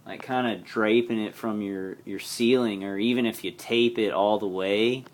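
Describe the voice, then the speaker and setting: A man with a very low voice talks straight to his viewers in a personal video diary. His delivery is rambling and halting, but earnest throughout. A faint background hiss sits under the recording. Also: steady tone. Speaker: vlogger.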